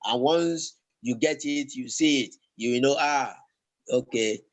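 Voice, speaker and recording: A man teaching a language lesson, talking slowly and haltingly, with many fillers and repeated words. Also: mid-range voice, low-quality recording. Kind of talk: classroom lesson.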